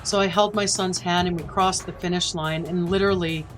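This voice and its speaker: Woman, middle-aged, lower voice, emotional storytelling, faint music behind. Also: steady tone, fairly quick, poor audio. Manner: vivid, emotional retelling. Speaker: guest. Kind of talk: personal storytelling.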